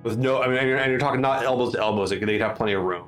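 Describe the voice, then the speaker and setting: A man's voice: medium pitch, very fast, fairly bright tone, faint music behind. A man narrating as game master of a tabletop role-playing game, talking loosely with many fillers and restarts.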